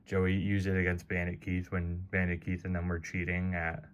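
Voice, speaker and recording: A man's voice: low voice, monotone, moderate pace. A man casually explaining his card collection to his wife, chatty and playful, full of comparisons. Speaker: teacher of a card game.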